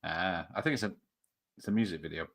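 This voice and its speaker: A man's voice: deep voice, quick pace, creaky, fairly bright tone. A man hosting a casual film watch-party stream, joking, laughing often and swearing freely. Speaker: stream host.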